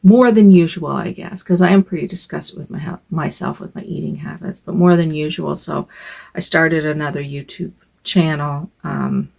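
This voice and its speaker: A woman's voice: low-pitched, fairly even intonation, normal speed, gravelly, darkish tone, breathy edge. An older woman vlogging from home in a rambling, hesitant casual chat, with sighs and fillers.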